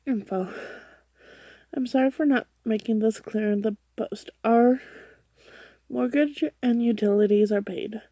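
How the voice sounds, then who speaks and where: A woman reading a forum post aloud, halting and often stumbling, restarting words and correcting herself. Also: on the high side, warm tone, no echo. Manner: drops to a whisper for her own asides. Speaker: reader of online posts.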